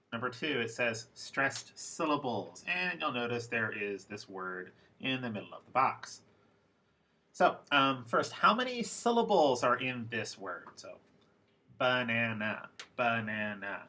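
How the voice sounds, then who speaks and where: A young man teaching a recorded English lesson, speaking slowly and deliberately and repeating the example words. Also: medium pitch, sharp tone.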